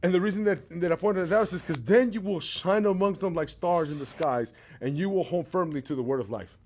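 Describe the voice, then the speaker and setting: A man sharing a Bible reflection in a casual devotional talk, telling it as a lively story with chuckles and conversational asides. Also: sits high, brisk. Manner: conversational, with tag questions and restarts.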